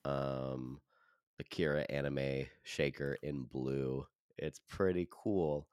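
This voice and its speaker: A man's voice: very deep voice, fairly even intonation, slow, a little mellow, clean tone, no room sound, studio quality. A man co-hosting a podcast, laid-back and teasing as he chats. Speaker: podcast co-host. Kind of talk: casual chat, reading a sponsor plug.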